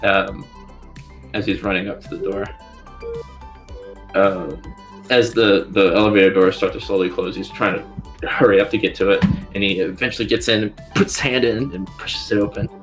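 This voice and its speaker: A man narrating as dungeon master, halting and full of filler words. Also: low voice, fairly even intonation, soft background music. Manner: halting, full of ums and likes. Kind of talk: narrating a tabletop game.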